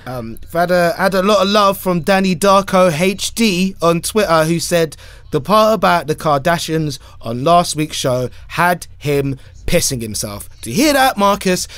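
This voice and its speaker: A man with a high, bouncy voice that swings up and down, telling stories in a loud, animated way and swearing freely. The sound is close and dry. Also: moderate pace, clean tone, dry recording. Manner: animated, swearing storyteller with a lively voice. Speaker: guest, radio DJ. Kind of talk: casual podcast chat.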